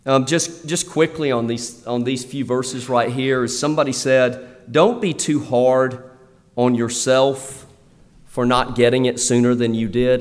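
A man's voice: mid-range voice, measured pace. Man preaching in a reverberant church. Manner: conversational preaching with frequent fillers and restarts. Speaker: pastor. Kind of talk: sermon. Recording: long reverb of a church hall.

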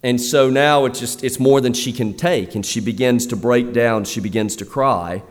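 A man's voice: mid-range voice, moderate pace. A male pastor preaching a sermon in a conversational way, often restarting with fillers. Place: church. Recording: long reverb of a church hall.

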